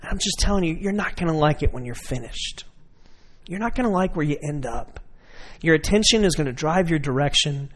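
A man voicing God as a patient, loving father, speaking softly and reassuringly. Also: on the high side, fairly quick, voice pushed down. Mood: tender. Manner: soft, reassuring, steady.

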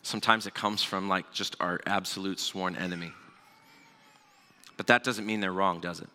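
A man in his thirties preaching a sermon, telling a personal story in a relaxed conversational way with asides. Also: low voice, normal speed. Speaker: pastor. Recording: long hall reverb.

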